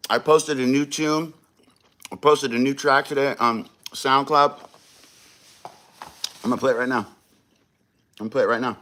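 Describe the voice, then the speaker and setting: A man's voice: medium pitch, bright, forceful tone. A man hosting a casual livestream, chatting to viewers in a laid-back, slangy way while eating. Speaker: livestream host.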